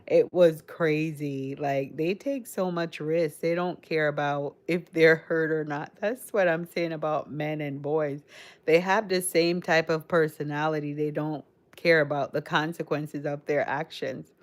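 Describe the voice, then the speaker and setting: A woman's voice: deep voice, steady tone, unhurried. A woman with a Caribbean accent mixed with American, chatting casually with viewers on a livestream in a rambling way. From Caribbean, raised in Connecticut. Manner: chatty, rambling, addresses chat directly. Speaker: livestream host. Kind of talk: casual live-stream chat with viewers.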